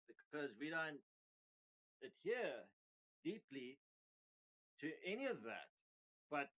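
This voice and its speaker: A middle-aged man hosting a crypto livestream, ranting casually in a profane, rambling, heated way. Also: on the high side. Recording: dull lo-fi sound.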